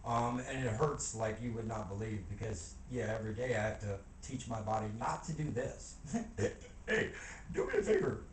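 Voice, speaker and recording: A man's voice: medium pitch, distant mic. A man talking casually to camera in a rambling, slangy way, often laughing. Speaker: vlogger. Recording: echoey room with faint ambient noise.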